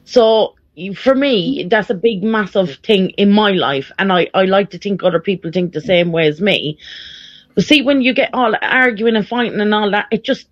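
A woman's voice: medium pitch, normal speed. Emphatic woman streamer. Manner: emotional, emphatic. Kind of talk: casual chat on a live stream. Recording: dull lo-fi audio.

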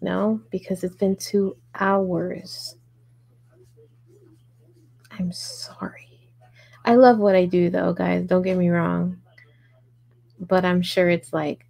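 Poor audio carries the warm, gravelly, fairly low voice of a woman running a live crochet lesson. She talks casually with viewers, responds to what they write, and mutters her stitch counts under her breath.

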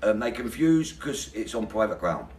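A man organizing a demonstration answers interview questions earnestly and resolutely, often pausing with fillers. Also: fairly low pitch, very animated, darkish tone, slight background noise. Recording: echoey room, distant mic.

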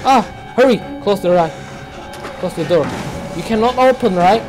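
A man's voice: high-pitched, animated, normal speed, music in the background. Jumpy man yelping through a horror game. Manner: swings from hushed muttering to panicked screaming; non-native English with broken grammar. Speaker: gameplay streamer.

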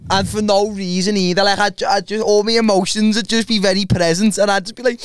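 A young man with a Liverpool accent, telling a story as a podcast co-host in casual comedy chat, jumping into high voices for quotes. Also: flat delivery, fast, faint music behind.

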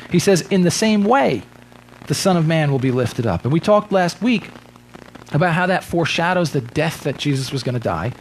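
A man's voice: on the high side, a little hiss or hum, rough recording. A man preaching a Sunday sermon as pastor, emphatic and stretching key words for weight. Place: church sanctuary.

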